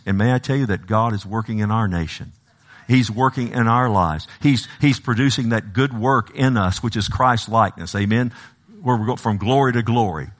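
A man preaching a sermon, repeating his words and calling out to the congregation, at times rising to a pleading cry. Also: normal speed. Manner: preaching, rising to impassioned high-pitched pleading. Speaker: pastor.

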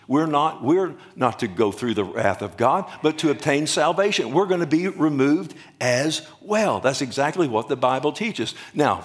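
A male pastor in the middle of a sermon, with a voice of ordinary, middling pitch. He keeps asking his listeners questions and then answers them himself. Now and then he slips in a joke. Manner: jokes and laughs with the congregation.

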